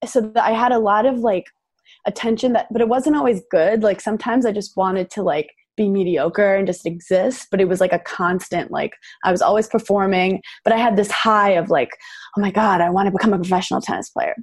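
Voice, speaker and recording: A woman's voice: medium pitch, normal speed, dry recording, clean studio sound. A young woman, a podcast guest, tells stories in a chatty, rambling way full of fillers. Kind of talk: casual storytelling chat.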